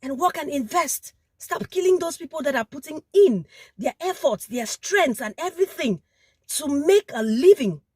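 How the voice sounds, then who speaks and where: A woman's voice: sits high, lively intonation, moderate pace, darkish tone. A woman delivers an emphatic vlog appeal, repeating herself and tripping over her words. She is sweating in the heat. The sound is dry and close, with no room echo. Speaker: vlogger. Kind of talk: impassioned direct-to-camera appeal.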